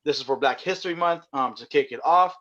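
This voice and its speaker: A man's voice: a little high, a little fast, a bit bright. A man co-hosting a casual sports podcast, rambling with restarts and frequent laughs. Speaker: podcast co-host. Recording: dull lo-fi sound.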